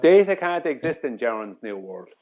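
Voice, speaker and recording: A man joining a casual panel chat by call, measured and reflective. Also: medium pitch, very animated, narrow, tinny audio, faint music behind. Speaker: panel guest.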